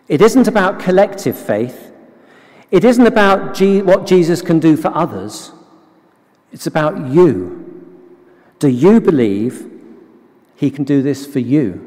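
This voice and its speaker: Man preaching real slow and earnest, bit high voice, big echoey hall. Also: darkish tone. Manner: slow, measured and earnest, with repeated phrases. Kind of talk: sermon.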